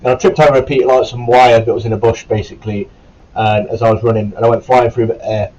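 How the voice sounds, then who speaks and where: A former Marine recruit telling a casual, rambling story to camera, with a sore, cough-prone throat and a sweary, self-correcting way of talking. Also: male voice, mid-range voice, level tone, fast, a little mellow, muffled recording, a little hiss or hum.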